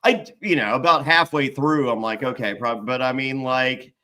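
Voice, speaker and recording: A man's voice: medium pitch, moderate pace, pushed and bright. A man telling stories in casual chat, acting out quotes with big jumps in his voice, swearing and laughing often. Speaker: podcast host and former reality contestant.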